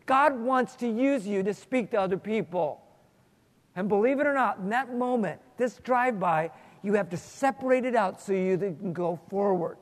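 High-voiced preacher in a reverberant hall. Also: male voice, animated, moderate pace. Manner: earnest, storytelling, repeats words while thinking. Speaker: Bible teacher. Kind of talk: Bible teaching with prayer and stories.

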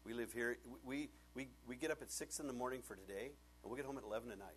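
A male pastor preaching a sermon, animated and laughing often, acting out bits of dialogue in changing voices. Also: mid-range voice, fast, slight background noise.

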